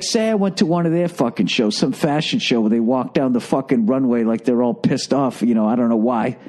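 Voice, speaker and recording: A man's voice: fairly high pitch, a little mellow. A middle-aged man hosting a podcast, ranting with exasperated, profane comic energy. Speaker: podcast host. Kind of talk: comedic rant.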